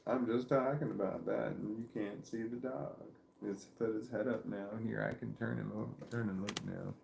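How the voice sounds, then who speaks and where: This low, gravelly-voiced vlogger rambles through a casual livestream at home, his dog lying on his legs as he wanders and interrupts himself talking about it. Intonation is fairly even, speed normal and tone a little mellow, picked up by a phone or camera on a stand with roomy sound and slight hiss or hum.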